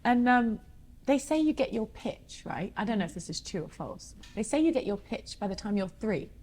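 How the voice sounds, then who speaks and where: A woman in her thirties, a singer being interviewed, chatting casually and telling animated stories with frequent laughs. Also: mid-range voice, moderate pace, slight background noise. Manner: chatty, animated storyteller who laughs often. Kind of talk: casual chat.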